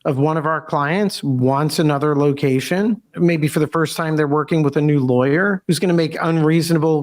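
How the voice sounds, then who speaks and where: Measured male interview host. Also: on the high side. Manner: measured, explanatory, some restarts. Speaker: host, franchise lawyer. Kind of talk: interview conversation.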